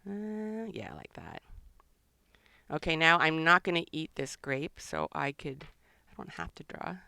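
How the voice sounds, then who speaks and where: Thinking aloud and chatting with excitement, a middle-aged children's author and illustrator draws live for young viewers. Her low-pitched voice carries vocal fry, her pace is a little slow, and no room sound can be heard.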